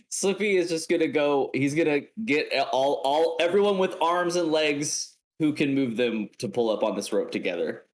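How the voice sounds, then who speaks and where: A man playing a tabletop role-playing game who talks in an animated way, thinking aloud and laughing often. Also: fairly high pitch, normal speed. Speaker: player. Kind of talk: casual tabletop game play.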